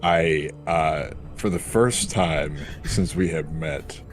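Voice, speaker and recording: A man's voice: very deep voice, slow. A man playing a tabletop game, blunt and swearing casually, with music behind. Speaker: player. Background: background music.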